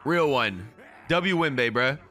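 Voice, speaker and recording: A young man doing live reaction commentary on an anime, excitable and profane, shouting at the screen. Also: medium pitch, takes it slowly, soft background music.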